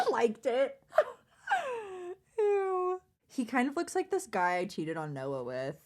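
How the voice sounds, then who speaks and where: A young woman co-hosting a podcast in casual chat, blunt, swearing casually and laughing loudly. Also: a little high, wildly swooping pitch, takes it slowly. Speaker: podcast co-host.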